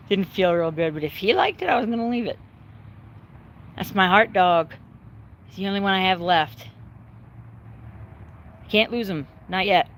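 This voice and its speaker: Woman vlogger, casual and rambling, swears a lot, emotional but steady, faint background hiss. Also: mid-range voice, a little slow, pauses often. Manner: rambling, candid, swears freely; emotional but calm, choked up at times. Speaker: livestreaming vlogger. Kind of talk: casual chat to viewers. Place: at home, dogs in the yard nearby.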